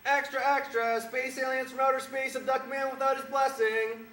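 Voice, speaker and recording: A man voicing an old-time newspaper boy who shouts the headlines. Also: very high-pitched, little pitch movement, normal speed, roomy sound, crowd noise, voice pushed up. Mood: hawking. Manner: loud hawking cry.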